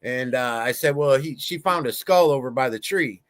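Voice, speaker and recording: A man hosting a casual podcast, telling stories in an animated, excitable way. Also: medium pitch, normal speed, no echo. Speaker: podcast host.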